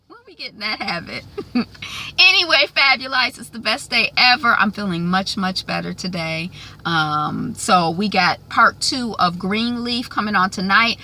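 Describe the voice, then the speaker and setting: A woman's voice: mid-range voice, slight background noise. A woman vlogger chatting casually and animatedly as she recaps a TV episode. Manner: chatty and animated, acts out the scenes.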